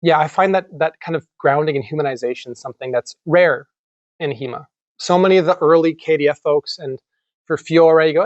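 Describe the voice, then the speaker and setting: A man giving a conference lecture in an animated, conversational way, with some casual swearing. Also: fairly high pitch, fairly quick, no room sound, muffled recording. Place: lecture room.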